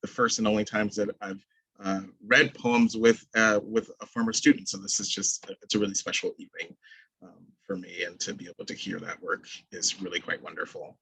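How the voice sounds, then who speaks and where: A man poet and teacher introducing his reading from home over a video call, halting and full of fillers. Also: fairly low pitch, fairly even intonation, gravelly, fairly bright tone, slightly rough, no room sound, poor audio.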